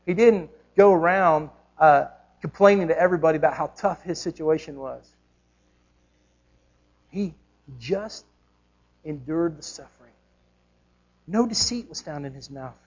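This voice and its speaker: Male pastor, slightly high husky voice, emphatic sermon delivery, muffled lo-fi recording. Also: a little slow, long pauses. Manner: emphatic preaching with rhetorical questions and repetition.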